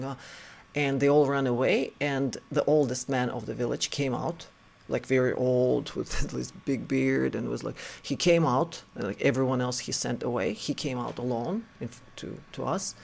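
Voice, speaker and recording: A man's voice: mid-range voice, unhurried, vocal fry. A man casually telling a personal story in a rambling way, with many restarts and fillers. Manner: animated retelling with acted quotes.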